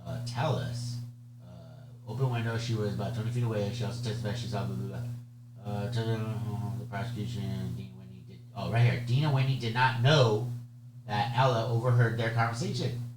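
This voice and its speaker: A man's voice: lowish voice, normal speed. A man giving a conversational exam lecture, chatty, often checking in with "okay?" and "right?". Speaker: bar exam tutor. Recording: echoey room with steady hum.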